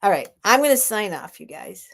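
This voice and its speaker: A woman hosting a live online sale at home, chatting casually and rambling with soft laughs. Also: medium pitch, big pitch swings, moderate pace, creaky. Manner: rambling and warm-hearted, with frequent soft laughs. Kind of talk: casual live-stream chat.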